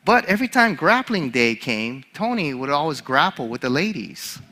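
A man preaching, with a bright, forceful voice pitched a little high. He is an animated storyteller who laughs at his own tale before turning to the sermon. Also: normal speed. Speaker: chaplain.

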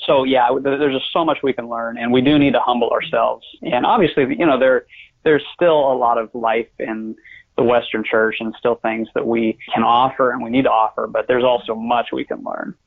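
An American man speaking earnestly and measuredly as a guest author, with hesitations and a gravelly voice. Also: mid-range voice, fairly even intonation, moderate pace. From United States. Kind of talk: conversational interview. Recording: tinny phone-line audio.

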